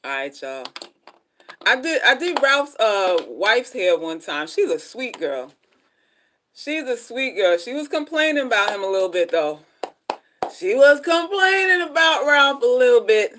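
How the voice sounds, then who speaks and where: A middle-aged woman chatting casually on a livestream from home, animated and slangy as she reads viewer comments aloud. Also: on the high side, unhurried, a little hiss or hum. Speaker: livestream host.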